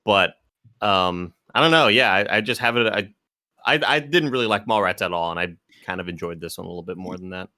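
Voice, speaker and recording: Bright-sounding guy on a podcast, hesitant, keeps restarting, dry mic. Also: sits low, brisk, dry recording. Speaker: podcast co-host. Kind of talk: casual podcast chat.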